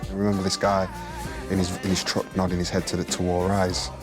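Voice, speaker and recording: A man from a pop band recalling fame in a relaxed, boastful way. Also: low-pitched, a little fast. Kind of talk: interview. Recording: music under interview.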